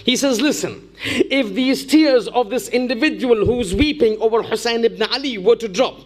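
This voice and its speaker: A man's voice: very high-pitched, normal speed. A man preaching a religious lecture, telling a story and driving it home with repeated rhetorical questions. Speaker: Islamic preacher.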